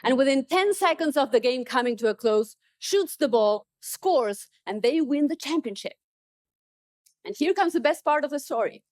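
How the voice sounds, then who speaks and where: A woman's voice: high-pitched, animated, moderate pace, darkish tone. A woman motivational speaker telling stories emphatically in a keynote. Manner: storytelling, emphatic. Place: conference stage.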